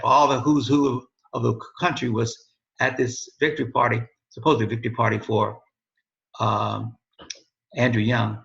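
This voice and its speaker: Older man, gravelly and bright-toned, rambling storyteller, dull lo-fi recording. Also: mid-range voice. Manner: rambling, self-correcting storyteller. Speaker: interview guest, father of host. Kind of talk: casual storytelling interview.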